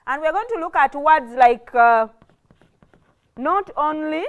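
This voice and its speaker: Higher-pitched woman teaching. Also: lively intonation. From Uganda. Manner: slow, repetitive explaining, with frequent restarts and "okay?" checks. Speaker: English teacher. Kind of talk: televised classroom lesson.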